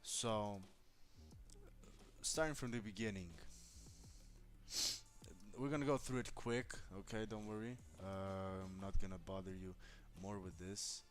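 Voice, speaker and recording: A man's voice: fairly low pitch, steady tone, unhurried, pauses often, faint music behind. A man chatting casually on a live stream, giving blunt, profane, reassuring relationship advice straight to a viewer.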